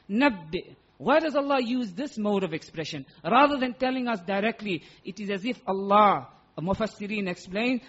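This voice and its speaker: A man with a high, husky voice delivers a sermon, stressing key words by repeating them. The recording sounds dull and muffled. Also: lively intonation, normal speed. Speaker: Islamic preacher. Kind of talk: sermon explaining Quranic Arabic.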